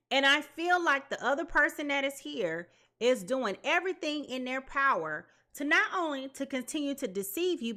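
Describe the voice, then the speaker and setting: A woman giving a live tarot reading to her viewers, talking in an animated, dramatic way. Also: high-pitched. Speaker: tarot reader.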